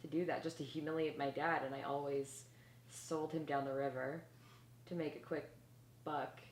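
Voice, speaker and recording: A woman's voice: sits low, steady tone, normal speed, roomy sound, slight background noise. A woman in a casual interview, blunt and profane.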